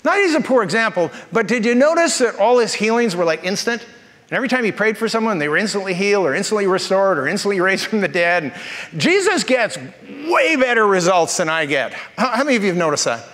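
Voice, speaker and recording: A male pastor telling stories in a sermon, animated and jokey. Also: high voice, quick pace. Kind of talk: humorous sermon storytelling. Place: church auditorium. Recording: reverberant church hall.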